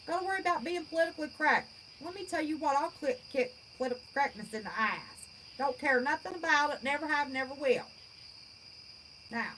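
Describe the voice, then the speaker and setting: Blunt, lively woman host. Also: sits high, a little hiss or hum, poor audio. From West Virginia. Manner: blunt, folksy, outspoken ranting. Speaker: channel host. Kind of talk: livestream chat reading viewer comments.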